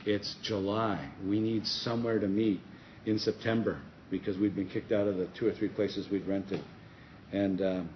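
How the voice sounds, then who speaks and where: A middle-aged man tells a story to a conference session, slipping into the voices of the people in it. His voice sits a little low, and the recording is dull and lo-fi with a faint hiss. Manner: animated storyteller acting out dialogue. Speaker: pastor and conference speaker. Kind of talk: conference breakout talk, storytelling. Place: conference room.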